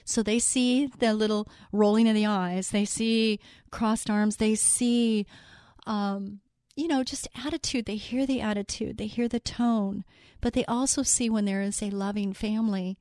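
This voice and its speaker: A woman hosting a faith talk show, speaking in an earnest, personal way, quoting scripture and slowing down to stress key words. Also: mid-range voice, fairly even intonation, a little mellow, no echo, clean studio sound. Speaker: show host.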